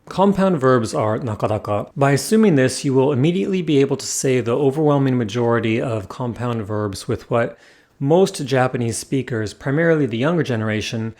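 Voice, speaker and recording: A man giving a scripted lesson as a language teacher, explaining in a clear, measured way. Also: medium pitch, darkish tone. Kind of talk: scripted educational narration.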